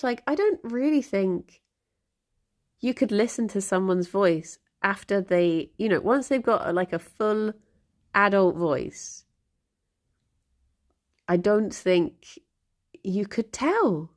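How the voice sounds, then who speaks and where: Slow, chatty woman streamer. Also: medium pitch, animated. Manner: rambling, chatty, talks to her pets. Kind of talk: casual chat. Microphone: desk microphone.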